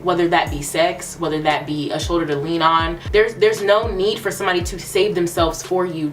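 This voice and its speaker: A woman's voice: fairly low pitch, far from the mic. A young woman vlogger candidly telling a personal storytime, emphatic and repeating phrases for emphasis. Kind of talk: storytime vlog.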